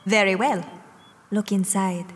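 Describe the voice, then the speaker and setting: A woman's voice: medium pitch, steady tone, unhurried, a little hiss or hum, lightly acted. A woman playing a proud, mystical desert spirit who speaks with solemn command. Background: loud music.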